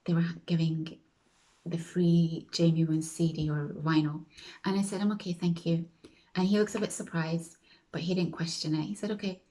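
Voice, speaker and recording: A woman's voice: fairly low pitch, little pitch movement, moderate pace, dark tone, poor audio. Chatty woman telling a story. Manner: chatty, acts out quoted voices, drops to a whisper at times. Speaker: vlogger. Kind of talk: casual storytelling to camera.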